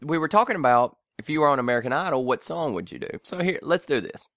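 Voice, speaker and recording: A man's voice: on the high side, expressive, quick pace, fairly bright tone, no echo. A man co-hosting a podcast in casual comedic banter, joking and swearing. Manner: joking, swearing, playful bits. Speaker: podcast co-host.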